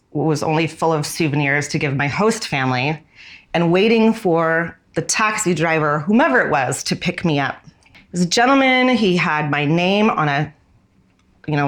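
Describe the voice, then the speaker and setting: A woman in her forties from the United States, a fashion designer, telling a personal story in a candid, reflective way that often slows down on key words. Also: low-pitched.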